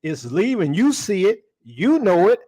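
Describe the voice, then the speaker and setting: A man's voice: high-pitched, sing-song, a little slow, mellow, slightly rough. A man preaching to his livestream audience in a casual, slangy way. He keeps asking the listeners rhetorical questions. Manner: slangy, calls the audience y'all.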